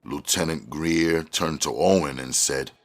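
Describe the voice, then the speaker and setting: Deep-voiced man reading a story. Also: unhurried. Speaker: audiobook reader.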